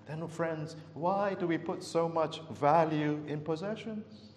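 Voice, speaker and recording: Male preacher with a fairly high voice, earnest dramatic sermon, long hall reverb. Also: takes it slowly, darkish tone, a little hiss or hum. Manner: earnest, dramatic storytelling with big swings.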